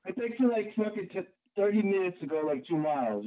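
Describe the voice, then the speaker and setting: A man's voice: high voice, animated, fast talker. A man in his forties, a guest on a casual radio chat, blunt and swearing freely. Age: 40s. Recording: dull lo-fi stream audio.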